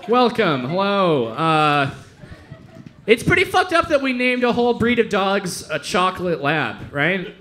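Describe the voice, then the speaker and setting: Bright, high-voiced young comedian hosting stand-up. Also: male voice, big pitch swings, normal speed, a little hiss or hum. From Denver, Colorado. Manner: loose, rambling delivery that breaks into loud mock voices. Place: comedy club stage with audience laughter.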